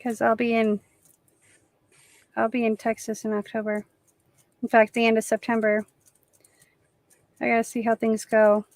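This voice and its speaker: A woman's voice: a little high, flat delivery, moderate pace, long pauses, darkish tone, dry recording. A woman hosting an art livestream, chatting casually as she paints, rambling and correcting herself as she goes. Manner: rambling, self-correcting, easygoing. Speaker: artist hosting a live stream. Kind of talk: casual chat while painting.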